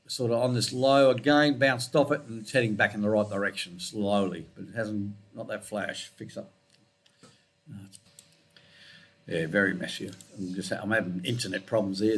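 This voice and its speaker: A man's voice: lowish voice, fairly bright tone. A man walking through trading charts in a casual screencast, rambling and correcting himself, with muttered asides. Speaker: forex trading analyst.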